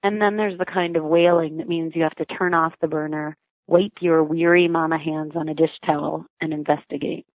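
A woman's voice: sits low, dry recording. A mother reading her own memoir aloud in a wry, reflective storytelling manner. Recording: thin phone-like sound, dry.

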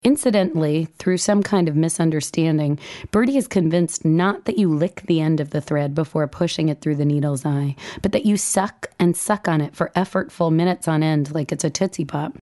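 A woman reading her own first-person essay in a wry, dryly humorous way. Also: moderate pace. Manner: acts out dialogue with lively pitch jumps. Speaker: writer reading her own blog entry.

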